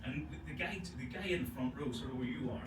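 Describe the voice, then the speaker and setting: A man in his forties with an Irish accent, performing a stand-up comedy set and telling stories in an animated way, often laughing at his own jokes. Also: mid-range voice, fast talker, noisy background. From Ireland. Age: 40s. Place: live comedy venue. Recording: roomy live venue, mic far off.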